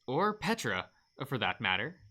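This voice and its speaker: A man's voice: medium pitch, sing-song, unhurried, pushed and bright. A man hosting a let's play, reading a visual novel aloud with playful, wry asides between the narration.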